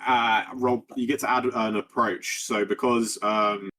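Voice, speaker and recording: A man's voice: on the low side, fairly even intonation, unhurried, pushed and bright. Rambling male game master. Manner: rambling, with many fillers and restarts. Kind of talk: narrating a tabletop game.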